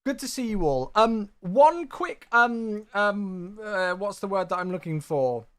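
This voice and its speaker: A man's voice: high voice, animated, measured pace, a bit bright, clear, resonant tone. A man casually chatting on a live stream, thanking viewers by name and calling them "mate". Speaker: flight sim streamer.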